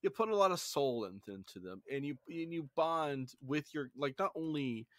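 A man's voice: a little high, animated, moderate pace, dry recording, clean studio sound. A man hosting a podcast, enthusiastic and rambling, swearing casually. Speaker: podcast host.

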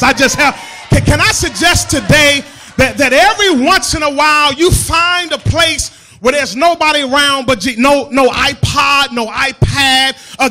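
A man preacher delivering a sermon in a church, with a rhythmic, sing-song, half-shouted cadence. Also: very high-pitched.

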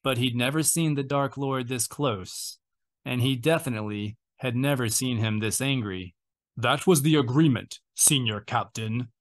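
Male audiobook narrator, steady, even, mid-pitched voice, unabridged reading.

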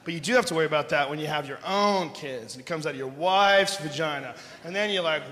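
A middle-aged man doing a stand-up comedy routine on a big theater stage, loud and profane, shouting his punchlines. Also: high-pitched, expressive, brisk, few pauses. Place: large theater stage before a live audience. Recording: echoey hall recording with audience noise.

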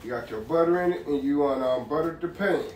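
A man talks a little fast in a voice on the high side with a darkish tone, while casually showing his home cooking to viewers he calls "y'all." He's a laid-back vlogger in a roomy home kitchen. Faint ambience and slight background noise come through.

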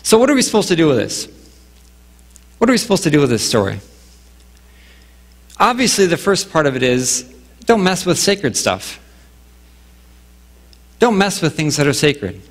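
Conversational pastor in a reverberant sanctuary. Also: male voice, a little high, big pitch swings, brisk, long pauses. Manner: conversational, with acted asides and rhetorical questions. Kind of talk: sermon. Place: church sanctuary.

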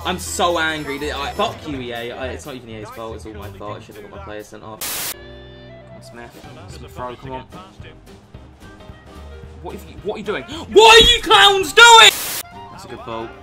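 A young man giving gameplay commentary, swearing constantly and swinging from low muttering to outbursts. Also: expressive, moderate pace, long pauses, music in the background. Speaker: gaming YouTuber.

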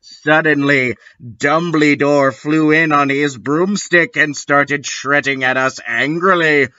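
A man's voice: fairly high pitch, steady tone, slow pace, hardly any pauses, bright, forceful tone, dry recording, lo-fi sound. A man doing a comic dramatic reading with dry, sarcastic asides. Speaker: reader.

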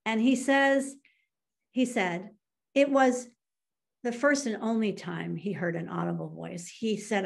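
A middle-aged woman minister telling a story in a sermon and reading a poem aloud, slow and earnest, with emotional swells. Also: mid-range voice, gravelly.

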